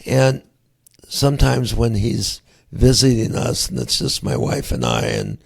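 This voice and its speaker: A middle-aged man hosting an interview, talking in a halting, easygoing way as he asks for advice. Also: lowish voice, sing-song, gravelly, husky. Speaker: podcast host. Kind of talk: casual interview.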